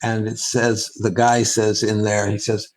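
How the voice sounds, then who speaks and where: A man, a spiritual teacher, giving a reflective answer in an interview, halting and restarting as he thinks. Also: lowish voice, little pitch movement, poor audio. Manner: halting and thoughtful, with frequent restarts and pauses.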